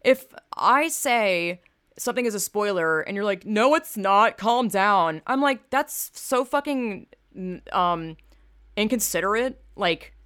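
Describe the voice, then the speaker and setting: A young woman hosts her own casual solo podcast, her voice lowish and a bit bright. She rambles with lots of swearing, fillers, and blunt opinions.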